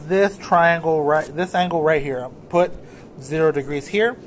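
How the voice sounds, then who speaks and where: Relaxed man teaching math, slightly high voice. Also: normal speed, a little hiss or hum. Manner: casual, relaxed, often checks in with the class. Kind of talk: recorded lesson walking through notes.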